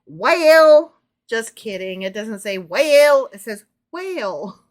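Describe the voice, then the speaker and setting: A woman's voice: mid-range voice, big pitch swings, moderate pace. A woman co-hosting a podcast, reading verses with dramatic emphasis and breaking into jokes and giggles. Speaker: podcast co-host. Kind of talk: casual chat, reading scripture aloud.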